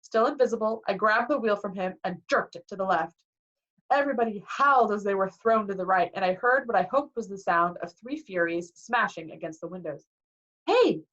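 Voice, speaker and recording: A woman reading a novel aloud in a lively way, acting out the dialogue, on a dull lo-fi recording. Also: mid-range voice, fairly quick. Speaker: reader.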